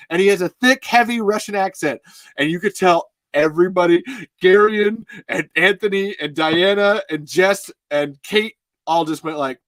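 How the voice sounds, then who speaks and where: A man's voice: high-pitched, animated, moderate pace, fairly bright tone, dry recording. A man hosting a show, chatting casually in a rambling way, often swearing and laughing. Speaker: host. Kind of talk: casual chat.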